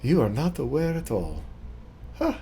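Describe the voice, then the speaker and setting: A man's voice: mid-range voice, very animated, unhurried, warm tone, slight background noise, voice pushed up. A man voicing a haughty, elegant French noblewoman with a put-on French accent. He plays her arch and probing.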